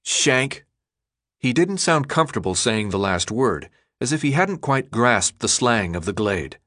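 A male audiobook narrator reads scripted narration expressively in a medium-pitched voice at normal speed. The recording is dry and of studio quality.

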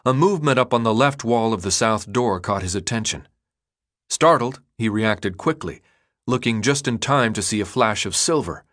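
A man narrating an audiobook in a steady, even storytelling voice. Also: lowish voice, normal speed. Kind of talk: scripted narration.

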